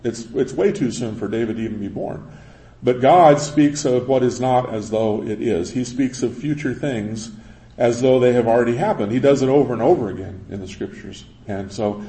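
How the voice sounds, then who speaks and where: A man's voice: mid-range voice, fairly quick. Man preaching in an echoey room. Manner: retells scripture with lively voiced quotes. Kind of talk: sermon. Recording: roomy echo.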